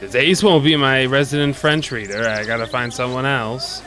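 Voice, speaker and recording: A man's voice: mid-range voice, fairly even intonation, moderate pace, bright, forceful tone, faint music behind. A man streaming a video game, joking and curious as he comments on what he sees. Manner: joking, curious, often laughing. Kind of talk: gameplay commentary.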